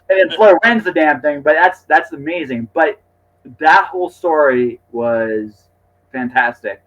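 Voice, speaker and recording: Animated man on dull lo-fi audio. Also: fairly high pitch, measured pace. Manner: animated, repeats words, jumps in with opinions. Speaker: podcast co-host or guest. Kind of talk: casual chat.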